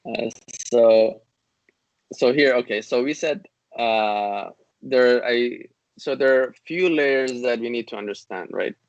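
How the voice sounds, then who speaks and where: A man's voice: mid-range voice, no echo, highs cut off. Man teaching grammar over a video call. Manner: hesitant, many fillers and restarts, explains patiently; recites classical Arabic text in rapid bursts. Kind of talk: online class lecture.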